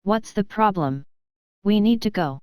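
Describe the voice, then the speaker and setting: A woman voicing an anxious, excitable young woman who speaks urgently, read aloud in an audiobook. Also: medium pitch, a little slow, clear, resonant tone, no room sound, studio quality, close to an everyday voice.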